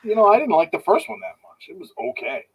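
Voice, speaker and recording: A man's voice: high voice, lively intonation, quick pace, gravelly, husky, low-quality recording. A man co-hosting a casual live-streamed chat, joking and teasing his co-hosts. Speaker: co-host.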